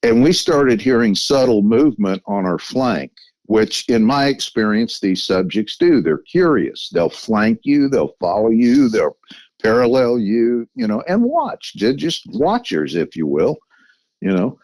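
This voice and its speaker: A man's voice: mid-range voice, very animated, measured pace, darkish tone, dry recording. A man telling a story as a podcast guest, with restarts and frequent "you know"s.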